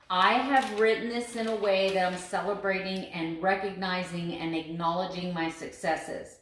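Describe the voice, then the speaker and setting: A woman's voice: lowish voice, fairly even intonation, moderate pace, hardly any pauses, echoey room, a little hiss or hum. A woman talking to camera in a casual daily vlog, earnest and emphatic, stressing her points by repeating phrases. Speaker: vlogger.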